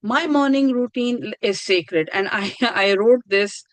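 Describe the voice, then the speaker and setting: A woman gives an online lecture in an earnest, thoughtful way, circling back and repeating her words as she goes. Her voice sits at an ordinary middle pitch. It is recorded close and dry, over a video call. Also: unhurried, no echo, low-quality recording. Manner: earnest, repeats and restarts phrases. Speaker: course instructor.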